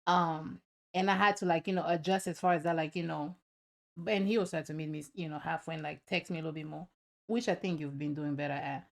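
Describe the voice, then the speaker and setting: A young adult woman hosting a casual chat, animated and teasing, with a lot of slang. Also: low-pitched, fast talker. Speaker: host.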